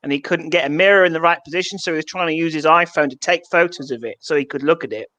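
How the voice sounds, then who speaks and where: Comedy guest, bright sharp tone, dry crude one-liners. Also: mid-range voice, fast talker. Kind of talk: casual comedy storytelling.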